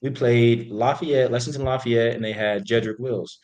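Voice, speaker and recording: A man's voice: mid-range voice, moderate pace, muffled recording. A young man, a former football player, telling stories in a chatty interview with lots of "like"s. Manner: animated, chatty, many fillers. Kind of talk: casual storytelling interview.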